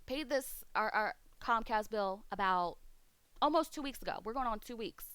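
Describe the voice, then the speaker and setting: Woman streamer ranting and cussing, kinda high voice, smooth and dry. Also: expressive, moderate pace, fairly bright tone, no room sound. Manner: profane, ranting. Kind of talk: casual chat. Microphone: streaming mic.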